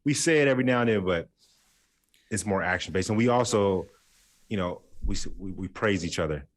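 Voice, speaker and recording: Deep-voiced man, joking podcast host. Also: lively intonation, fairly quick. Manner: joking storyteller, folksy asides. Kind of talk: casual chat.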